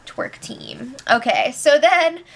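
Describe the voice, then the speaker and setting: A woman's voice: high-pitched, wildly swooping pitch, slow, gravelly. A woman giving a casual, opinionated recap, talking chattily and acting out what others said. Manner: chatty and opinionated, acts out quotes. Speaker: show recap host.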